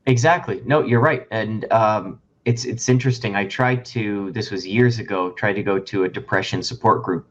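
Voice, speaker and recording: A man's voice: lowish voice, normal speed, hardly any pauses, highs cut off, a little hiss or hum. A man speaking as a podcast guest, candid and reflective in casual conversation. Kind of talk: casual interview chat.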